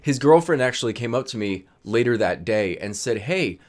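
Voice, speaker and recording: A young storyteller vlogger casually recounts funny high school stories at a moderate pace. He's animated, laughing as he talks and acting out his friends' lines.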